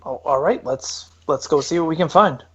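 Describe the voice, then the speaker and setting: A man's voice: on the high side, normal speed, breathy edge. Guy playing his character, kinda hesitant, muffled lo-fi audio. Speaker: player. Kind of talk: casual tabletop play.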